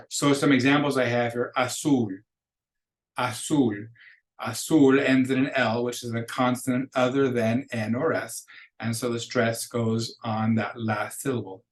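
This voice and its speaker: A man teaching a beginning Spanish lesson, patiently explaining rules and modeling each word slowly before repeating it. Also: medium pitch, rough recording. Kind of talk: recorded classroom lecture.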